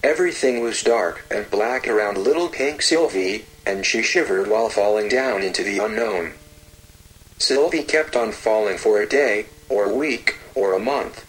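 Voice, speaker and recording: A man narrating a fairy tale slowly and gently, with repetitive storytelling phrasing. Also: on the low side, low-quality recording.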